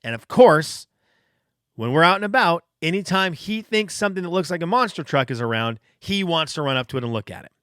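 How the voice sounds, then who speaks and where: Animated man telling a story. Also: a little high, brisk, no echo, studio quality. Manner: animated, self-deprecating storytelling. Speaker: podcast host. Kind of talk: casual storytelling monologue.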